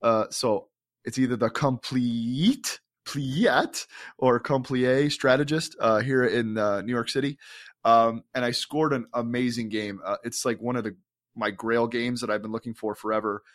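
Guy on a podcast just chatting, lots of ums and uhs, excited, mid-pitched voice. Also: moderate pace. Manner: rambling, enthusiastic storytelling with many fillers. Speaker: podcast co-host. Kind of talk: casual chat.

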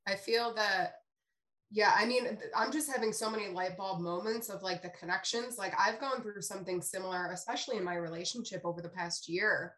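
A woman's voice: medium pitch, brisk. A young woman hosting a podcast, talking openly and laughing easily in casual conversation. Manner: open, animated, laughs easily.

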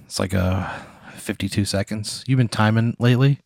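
Deadpan guy rambling thru a made-up story, low voice, dry sound. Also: moderate pace, vocal fry, no room sound. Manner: deadpan, rambling second-person narration. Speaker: improv storyteller. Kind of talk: improvised comedy storytelling.

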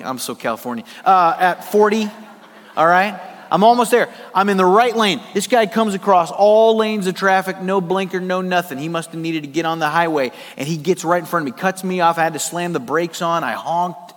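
A man's voice: high voice, moderate pace. A man preaching a sermon as pastor, telling stories in a conversational way with comic asides. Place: church sanctuary. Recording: long hall reverb.

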